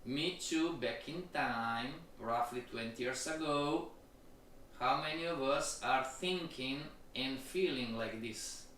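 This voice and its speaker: Male trading instructor, live-stream lecture; slow, repetitive, keeps checking in with listeners, far off in a very echoey room. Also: mid-range voice, a bit bright, slight background noise.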